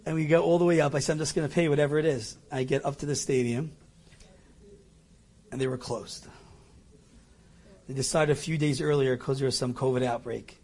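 A middle-aged man with a fairly high voice recounts a personal anecdote. He is animated and self-mocking, and he acts out his own lines as he tells it. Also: fairly quick, long pauses. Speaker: storyteller. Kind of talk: personal anecdote told to an audience.

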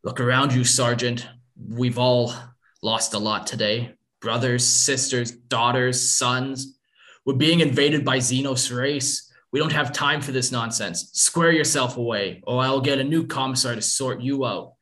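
A man's voice: medium pitch, fairly even intonation, a little slow, fairly bright tone, pitched above the performer's own voice, close to an everyday voice. A man voicing a stern, impatient army lieutenant who talks in clipped commands.

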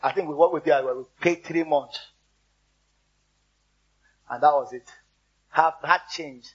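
Husky man preaching. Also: fairly high pitch, a little slow, dull audio. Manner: storytelling, repeats words for emphasis, exhorts the congregation. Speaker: pastor. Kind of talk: sermon.

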